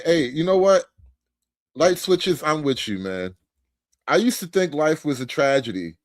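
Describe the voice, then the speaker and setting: A man's voice: fairly high pitch, no echo, clean studio sound. A man giving livestream commentary in a sarcastic, incredulous and rambling way. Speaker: streamer and commentator.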